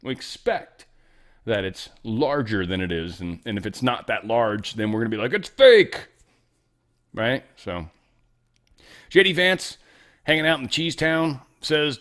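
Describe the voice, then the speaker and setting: A man hosting a news commentary show, in animated, jokey talk that swings between loud remarks and soft asides. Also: mid-range voice. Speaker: show host.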